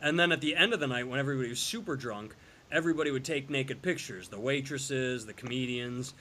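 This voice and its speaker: A man's voice: mid-range voice, fast, sharp tone, slight background noise. A man hosting a podcast, telling crude jokes and sarcastic stories in casual banter. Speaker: podcast host.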